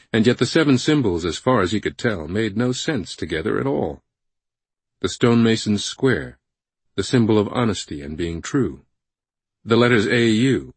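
Deep, husky thriller audiobook narrator. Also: male voice, dry recording.

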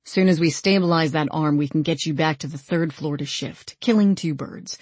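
A woman voicing a capable man who gives brisk orders and medical assessments in an audiobook. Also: deep voice, darkish tone, no room sound. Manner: brisk, commanding.

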